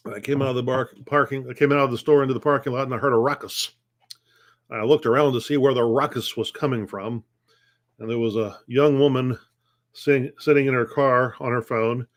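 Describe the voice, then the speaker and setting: A man's voice: mid-range voice, steady tone, a little fast. A middle-aged man pastor teaching a conversational Bible lesson, posing questions and answering them, often restarting phrases. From United States.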